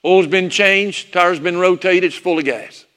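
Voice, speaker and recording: A man voicing his firm, gruff but loving older father, speaking emphatically. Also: high-pitched, unhurried, a bit bright, voice pushed up. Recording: long hall reverb.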